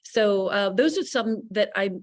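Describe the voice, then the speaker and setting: A woman speaking as a panelist in a casual online discussion, animated and full of restarts and asides. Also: mid-range voice, unhurried.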